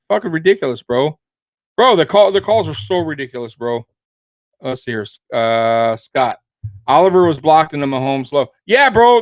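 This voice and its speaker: A man's voice: on the high side, no echo. A young man in a casual sports rant, heated and profane, rambling and restarting his sentences as he talks. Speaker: sports podcast host.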